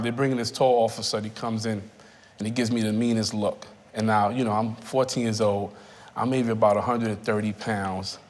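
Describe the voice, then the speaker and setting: A man in his thirties giving personal testimony in a reflective, halting way, often repeating phrases. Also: fairly low pitch. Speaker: interviewee. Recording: reverberant room.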